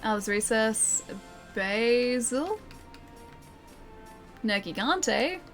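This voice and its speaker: A woman's voice: fairly high pitch, lively intonation, drawn-out words, fairly bright tone, faint music behind. A young Australian woman chatting casually while streaming a game, reading chat aloud and laughing often. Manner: chatty, giggly, reads chat aloud and answers.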